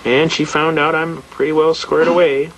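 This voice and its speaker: A man's voice: on the high side, little pitch movement, moderate pace, noisy background. Older man, folksy emphatic lecturer. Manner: anecdotal, plain-spoken, emphatic. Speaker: seminar speaker on constitutional rights. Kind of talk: folksy storytelling lecture to a live audience.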